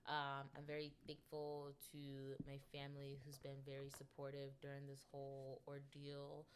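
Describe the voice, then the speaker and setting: Low-voiced young woman podcaster rambling. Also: monotone, moderate pace, slight background noise. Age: 20s. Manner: rambling and chatty, with many ums and laughs. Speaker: podcast host. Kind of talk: casual solo podcast chat.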